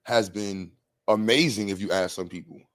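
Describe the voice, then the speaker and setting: A man's voice: fairly low pitch, moderate pace. A man hosting a livestream, talking in a loose, rambling, slangy way with frequent laughs. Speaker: livestream host. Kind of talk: casual livestream chat.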